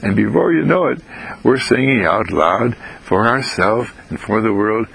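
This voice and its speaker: A man giving an inspirational self-help monologue, gentle and sing-song, repeating phrases with rising pitch. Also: expressive, unhurried, creaky, a little hiss or hum, rough recording.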